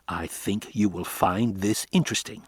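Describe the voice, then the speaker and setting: A man's voice: fairly low pitch, normal speed, slightly rough, dry recording. A man voicing a cold, stubborn scientist for an audiobook, clipped and exasperated, never giving ground. His delivery is plain and close to the mic, with a dry sound and no room around it.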